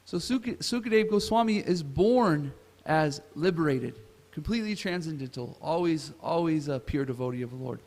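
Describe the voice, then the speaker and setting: A man's voice: on the high side, lively intonation, moderate pace, hardly any pauses, darkish tone. A man teaching a scripture class at a temple, retelling a story and asking the audience questions. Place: temple hall. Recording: reverberant temple hall.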